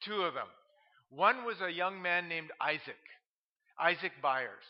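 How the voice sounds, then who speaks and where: Man, pastor, high voice, animated storytelling, laughs at his own jokes, dull lo-fi sound. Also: unhurried. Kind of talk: humorous sermon storytelling.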